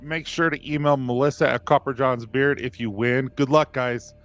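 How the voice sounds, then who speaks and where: A man's voice: medium pitch, fairly even intonation, normal speed, fairly bright tone, highs cut off. A man hosting a casual livestream, chatty and joking as he runs giveaways. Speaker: livestream host.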